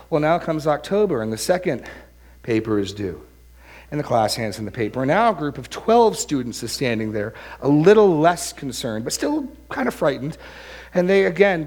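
A man preaching a sermon, earnest and emphatic, often repeating words. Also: on the high side. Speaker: pastor.

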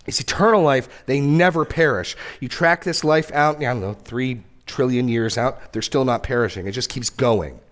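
A man preaching a sermon as pastor, earnest, with repeated words and sudden rises in pitch for emphasis. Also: normal speed, few pauses.

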